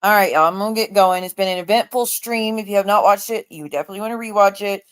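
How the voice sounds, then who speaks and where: A woman's voice: medium pitch, fast, clean tone. A woman chatting casually on her livestream, blunt, profane and openly sarcastic.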